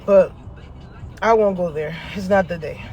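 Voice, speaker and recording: The recording is muffled as a high-pitched astrology vlogger chats to camera from his parked car at a measured pace. He tells animated stories in a slangy, profane way and laughs often between lines.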